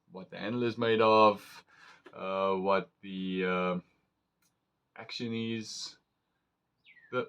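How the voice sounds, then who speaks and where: A man chatting casually as he unboxes and reviews a knife, excitable and rambling with fillers. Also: fairly low pitch.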